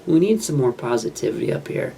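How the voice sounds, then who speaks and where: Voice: mid-range voice, big pitch swings, a little fast, creaky, dark tone, a little hiss or hum. A host giving casual running commentary over a film while building a model kit. They ramble in an offhand, self-mocking way.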